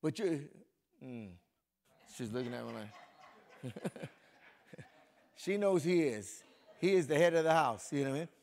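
A middle-aged man preaching a lively, folksy sermon as a pastor, joking with the congregation and swinging between soft and loud. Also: on the high side, a little slow, pauses often. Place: church sanctuary before a congregation.

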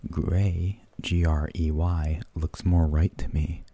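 A man rambling in soft-spoken ASMR, half-whispering and hesitating as he searches for words. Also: a bass voice, little pitch movement, takes it slowly, husky. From United States. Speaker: ASMR channel host.

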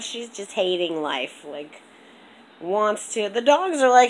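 A young woman chatting on a home vlog, rambling and animated, with a congested throat. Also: mid-range voice, takes it slowly, poor audio. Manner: rambling, animated storytelling with lots of "like". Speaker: vlogger. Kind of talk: casual vlog chat.

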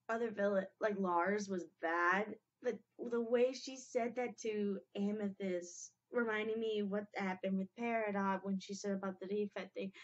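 A young woman hosting a reaction video, talking in a halting, emotional way with many restarts. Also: medium pitch. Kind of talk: casual reaction commentary. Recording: dull lo-fi home recording.

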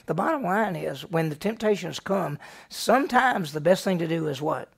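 A gravelly, slightly high-pitched middle-aged man leads a Bible study as its pastor. He teaches in an animated way, throwing questions to the class and then answering them himself. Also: moderate pace.

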